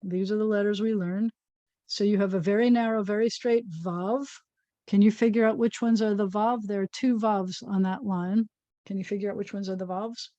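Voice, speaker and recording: A woman's voice: mid-range voice, fairly even intonation, moderate pace, dark tone, no room sound, muffled recording. A woman teaches Hebrew reading as a rabbi, patiently explaining letters and sounding out words. Her voice sits in the middle range and comes through dry and close. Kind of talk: online Hebrew reading lesson.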